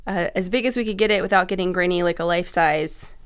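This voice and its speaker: A young adult woman who works at a trade show tells a casual anecdote at the expense of herself. Her lowish voice moves fast and smooth, and she animatedly acts out the lines of the people in the story.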